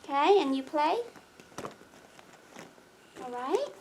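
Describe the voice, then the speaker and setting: Mom playing with her toddler, high and bouncy, talks real slow and sing-songy. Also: expressive, background noise. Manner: slow, sing-song, coaxing, teacherly. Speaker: mother.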